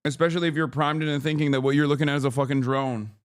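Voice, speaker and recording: Racing through his words, a thirtysomething streamer rants combatively at his chat during live political commentary, swearing often. His fairly high voice stays steady, clear, and resonant.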